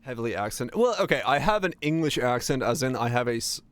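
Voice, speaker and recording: A man's voice: mid-range voice, very animated, fast talker, a bit bright, no echo. A streamer from Finland with an American accent carrying slight Southern touches, rambling casually as he answers chat.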